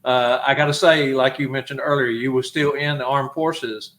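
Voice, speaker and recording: Bright-voiced male talk show host. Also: medium pitch, steady tone, moderate pace. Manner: friendly, encouraging questioner. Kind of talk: casual interview chat.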